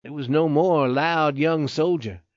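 A man's voice: on the high side, unhurried, no room sound. Man narrating a book, dull lo-fi sound. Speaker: audiobook narrator. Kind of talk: scripted narration.

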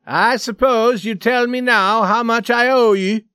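A man voicing a fierce male brawler who talks loudly and sneers. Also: high voice, wildly swooping pitch, slow pace, husky, dry recording, clean studio sound, pitched above the performer's own voice, full character voice. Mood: mocking. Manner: loud, sneering, drawn out.

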